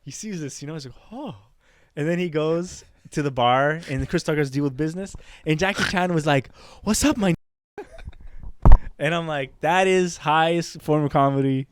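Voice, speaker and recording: A young man co-hosting a casual comedy podcast, telling stories in an animated way and laughing often as he acts out movie lines. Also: on the high side, moderate pace, smooth, no echo. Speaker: podcast co-host.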